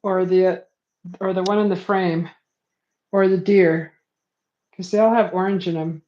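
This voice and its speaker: A woman's voice: on the low side, fairly even intonation, unhurried, echoey room, dull audio. A woman hosting a casual art livestream, hesitant and self-deprecating, chuckling often.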